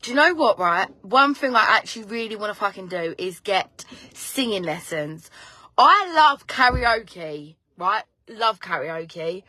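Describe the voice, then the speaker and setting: A woman's voice: mid-range voice, lively intonation, a little slow, bright, forceful tone, dry recording. A woman hosting a casual chat. She talks in a loose, rambling way, swears freely and laughs often. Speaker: host.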